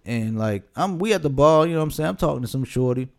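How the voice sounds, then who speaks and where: Animated young man telling a story. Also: mid-range voice, fast, vocal fry. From Pasadena area, California. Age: 20s. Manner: animated, profane, laughing storyteller. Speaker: podcast co-host. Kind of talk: casual storytelling chat.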